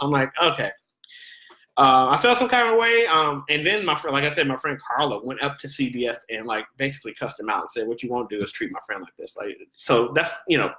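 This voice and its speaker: Guy giving a church testimony, rambly and full of fillers, bright voice in an echoey room. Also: mid-range voice. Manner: rambling, many fillers, animated when quoting. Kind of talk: casual spoken testimony.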